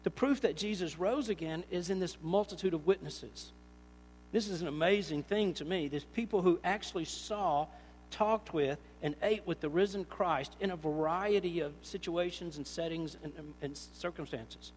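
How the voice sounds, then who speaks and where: A man preaching a sermon, animated and storytelling, acting out little scenes in different voices. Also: high voice, moderate pace, big-room sound, slight background noise. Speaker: pastor.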